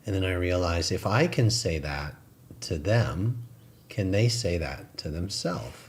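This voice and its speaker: A man's voice: low voice, lively intonation, unhurried. A man co-hosting a spiritual talk show, chatting earnestly and laughing at himself. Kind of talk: casual spiritual chat.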